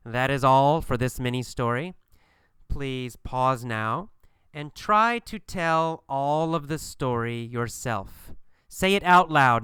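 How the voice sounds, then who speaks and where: A man teaching an English lesson, speaking slowly and emphatically and repeating phrases for learners to copy. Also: medium pitch, pushed and bright, clean tone, no echo, studio quality. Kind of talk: scripted language lesson.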